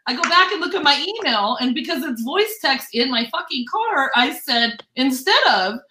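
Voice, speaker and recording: A woman real estate agent telling a profane, animated story in casual group chat, swinging her voice to act out quotes. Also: high voice, normal speed, echoey room, background noise.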